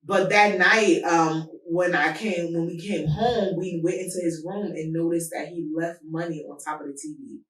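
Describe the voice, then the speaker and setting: Talking at a normal speed with few pauses, a woman hosting an advice podcast shares personal stories casually. Her delivery is animated, with lively swings and a voice that leaps high during stories, and the sound is roomy, as she sits away from the mic.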